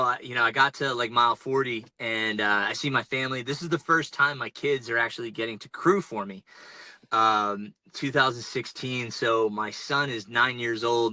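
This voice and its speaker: Man, forties, from North Carolina, casual rambling storyteller, very bright tense timbre, middle pitch, dry sound. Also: no echo, poor audio. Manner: animated storyteller with many fillers and restarts. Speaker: ultrarunner guest. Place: inside a truck. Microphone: remote call-in.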